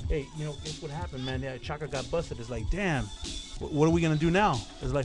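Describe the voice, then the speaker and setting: A man's voice: on the high side, fast talker, faint music behind. A man telling street stories in an interview, acting out other people's lines and cursing freely. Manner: animated storyteller acting out quoted voices, profane. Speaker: graffiti artist guest. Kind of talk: casual storytelling in interview.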